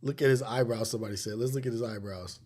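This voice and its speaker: A livestream host in his forties, with a Los Angeles accent and a mid-range voice, talks at a quick pace. He keeps the chat casual, telling animated stories punctuated by frequent laughter.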